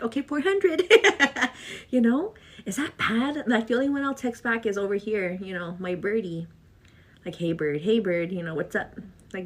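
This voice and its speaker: A chatty young woman vlogging casually while doing her makeup, laughing often and quoting herself in a higher voice. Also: slightly rough.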